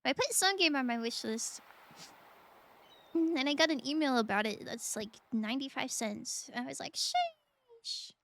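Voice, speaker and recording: A woman's voice: high-pitched, normal speed, fairly bright tone, slight background noise. A woman streaming a game and chatting casually and playfully with her viewers, often laughing. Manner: playful, giggly, talks to chat. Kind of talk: casual live-stream chat while gaming.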